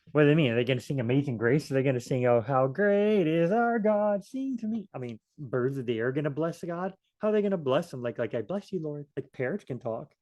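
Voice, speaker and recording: Man for a relaxed Bible study walkthrough, rambling and joking, average pitch. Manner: chatty, thinks aloud, joking asides.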